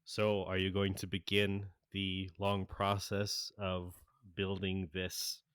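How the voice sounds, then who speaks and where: A man narrating as game master of a tabletop game, halting and full of fillers and laughs. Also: sits low, monotone, fairly bright tone, clean tone, no room sound, clean studio sound.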